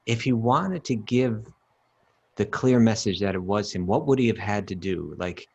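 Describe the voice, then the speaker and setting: A man with a very low, deep voice leads a relaxed scripture discussion. He talks emphatically, circles back on his words, and breaks into chanted Sanskrit verses. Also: moderate pace, breathy edge, highs cut off. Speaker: podcast co-host teaching scripture. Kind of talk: casual teaching talk.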